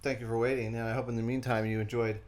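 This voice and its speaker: A man's voice: medium pitch, flat delivery, quick pace, darkish tone. A young man co-hosting a comedy show, casually telling rambling stories in easy banter. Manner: laid-back, rambling storyteller. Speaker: comedy podcast co-host.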